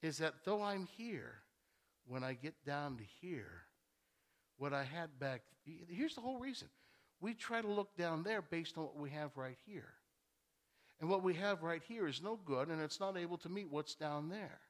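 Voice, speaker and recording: A man's voice: on the high side, expressive, normal speed. A male pastor preaching a sermon in a church, talking conversationally and repeating key phrases for emphasis.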